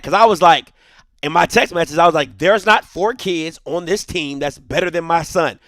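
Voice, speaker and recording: A man in his thirties hosting a show, retelling a story in an animated, heated way. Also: a little high, moderate pace, no echo, clean studio sound. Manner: heated, emphatic retelling with quoted dialogue. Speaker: show host.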